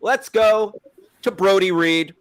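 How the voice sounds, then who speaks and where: A man's voice: high voice, slow pace. A man hosting a comedy debate show, laid-back and chuckling between rounds. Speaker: host.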